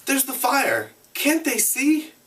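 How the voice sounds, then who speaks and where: Piggy: a man squeaking out a shrill fretful boy. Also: wildly swooping pitch, takes it slowly, sharp tone, far from the mic, heavily acted. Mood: shrill, pleading. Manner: squeaky high-pitched pleading. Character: anxious shrill plump boy, fussy and scolding.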